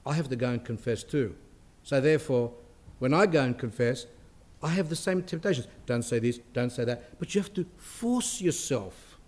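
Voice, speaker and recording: Middle-aged guy giving a relaxed spiritual talk, chatty, lots of restarts and asides, mid-pitched voice. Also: normal speed. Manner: conversational, with frequent restarts and asides.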